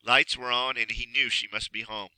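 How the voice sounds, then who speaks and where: A man reads a children's story aloud, expressive and measured, pacing every sentence with care. His voice is strikingly bright and sharp, recorded close and dry, with no room sound. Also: medium pitch, smooth, dry recording, rough recording. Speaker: narrator. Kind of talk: storybook reading.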